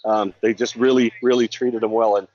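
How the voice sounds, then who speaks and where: A man's voice: medium pitch, fairly even intonation, fairly quick, darkish tone. A middle-aged man calling in as a guest, a law enforcement officer from Montana, chatting casually in an earnest way and often repeating his words. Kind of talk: casual chat. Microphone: remote call-in. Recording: slightly dull call audio with faint noise.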